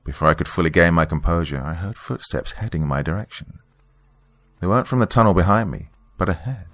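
A man narrating a first-person horror story in a steady, grave way. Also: sits low, brisk, dry recording.

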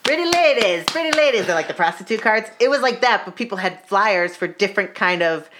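A woman's voice: mid-range voice, brisk, heavy background noise. A young adult woman telling a story in casual chat, full of "like" and acted-out quotes. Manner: chatty, fillers of "like", acts out quotes.

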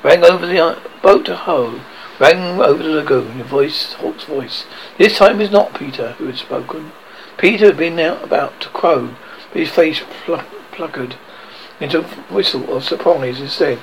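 A man narrating a children's storybook aloud, reading haltingly with frequent restarts. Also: on the high side, slight background noise, rough recording. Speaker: reader. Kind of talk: audiobook narration.

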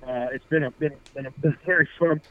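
A man's voice: a little high, fairly even intonation, fast, phone-quality sound. A man, co-founder of a fishing apparel brand, talking casually in a radio interview, rambling with many fillers and restarts.

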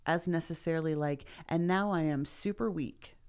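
A woman's voice: low-pitched, moderate pace, darkish tone, clear, resonant tone. A woman co-hosting a podcast, chatting casually in a candid, emphatic way and swearing freely. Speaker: podcast co-host. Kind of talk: casual chat.

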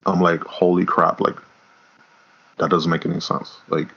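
A man with a very deep voice talks through a casual wrestling podcast. He rambles, restarts his sentences and swears freely. The recording sounds dull and lo-fi. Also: little pitch movement, a little slow, creaky, a bit bright. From New York. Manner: rambling, repeats words, swears. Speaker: podcast co-host. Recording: dull lo-fi audio.

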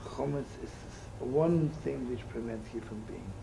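Gravelly old-time rabbi telling stories. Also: male voice, medium pitch, normal speed. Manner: folksy, jokey, sprinkles Yiddish and Hebrew words. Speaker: rabbi teaching. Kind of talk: storytelling sermon. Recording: noisy old recording.

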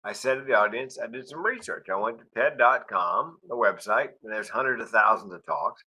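A man's voice: lowish voice, brisk, sharp tone, husky, low-quality recording. A middle-aged man, a guest speaker, telling wry personal stories and acting out dialogue. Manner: wry storyteller who acts out dialogue. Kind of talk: storytelling interview.

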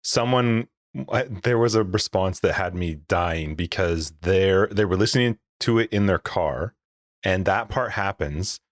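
A man's voice: deep voice, a little slow, no room sound. A man hosting a casual podcast, rambling and laughing easily into a close mic. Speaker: podcast host.

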